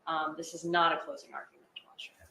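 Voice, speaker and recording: A man responding briefly as a prosecutor in a courtroom, brisk and matter-of-fact. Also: fairly high pitch, level tone, vocal fry, sharp tone. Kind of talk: courtroom argument. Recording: echoey courtroom audio with faint noise.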